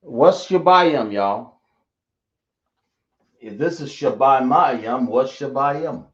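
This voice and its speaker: A man's voice: medium pitch, very slow, fairly bright tone. A man teaching a Hebrew class, quizzing his students and often correcting himself. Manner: drawling, self-correcting, asks the class questions. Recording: echoey, dull lo-fi room recording.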